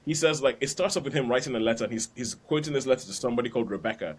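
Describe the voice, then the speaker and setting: A man's voice: medium pitch, lively intonation, racing. A man hosting a podcast, chatting casually about films and laughing between points. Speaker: podcast host. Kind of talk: casual film review chat.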